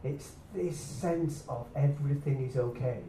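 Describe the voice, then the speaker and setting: A man preaching a sermon, swinging between loud excited bursts and quiet hushed lines. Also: mid-range voice, a little slow, distant mic, slight background noise. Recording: echoey room, speaker away from the mic.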